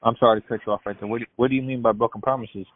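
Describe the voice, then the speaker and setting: A man's voice: medium pitch, fairly even intonation, racing, dry recording. A male journalist asks an inmate questions in a mid-range voice. He stumbles, restarts and rephrases as he goes. The sound is dry and tinny, as if over a phone line. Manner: hesitant, restarting his questions. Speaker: journalist interviewer. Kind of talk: interview questions.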